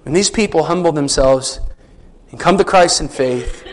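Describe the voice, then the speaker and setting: High-voiced man preaching conversationally. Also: moderate pace, poor audio. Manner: conversational preaching with rhetorical questions. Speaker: pastor. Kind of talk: sermon.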